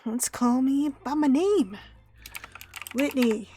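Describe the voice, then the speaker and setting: A woman's voice: high-pitched, slow, mellow, breathy edge, dry recording. Playful woman reading game text aloud. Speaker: streamer.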